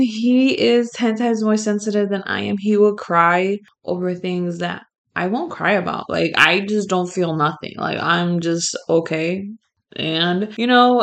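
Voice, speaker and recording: A young woman hosting a podcast alone, chatting candidly and laughing often between her remarks. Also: mid-range voice. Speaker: podcast host. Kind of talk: casual solo podcast monologue.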